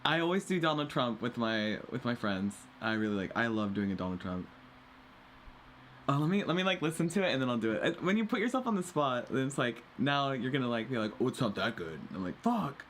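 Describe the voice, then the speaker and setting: A man chats casually to his viewers while editing. He rambles and cuts himself off mid-thought. His pitch swings lively up and down, and a faint hiss sits behind him. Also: fairly quick. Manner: rambling, breaks off mid-sentence. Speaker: vlogger.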